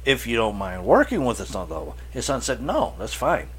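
A man's voice: mid-range voice, big pitch swings, brisk, fairly bright tone, slight background noise. A man co-hosting a casual chat, telling stories and acting out the reactions he quotes, with swearing. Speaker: podcast co-host. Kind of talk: casual chat about horror films.

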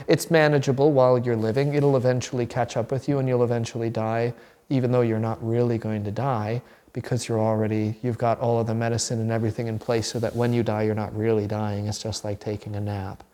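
Rambling middle-aged pastor teaching in a hall. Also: male voice, medium pitch, warm tone. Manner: conversational, rambling with restarts and asides. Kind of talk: teaching a Bible class.

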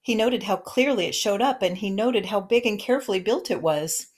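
A woman narrating a children's novel aloud in a gentle, expressive storytelling manner. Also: medium pitch, a little fast, slightly rough.

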